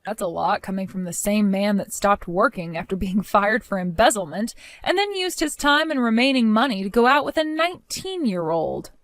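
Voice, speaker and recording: A woman telling a scripted story in a cool, measured, matter-of-fact way. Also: medium pitch, animated, dry recording. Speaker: narrator.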